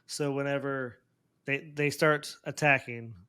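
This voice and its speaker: A man's voice: medium pitch, fairly even intonation, unhurried, sharp tone, clean tone. A man co-hosting a casual episode review, rambling with restarts and laughing often. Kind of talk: casual chat.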